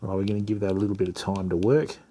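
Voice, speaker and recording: A middle-aged man with an Australian accent, from Western Australia, races along in a low, mellow, steady voice. Hosting a fishing channel live stream, he chats matily with viewers while maintaining fishing reels.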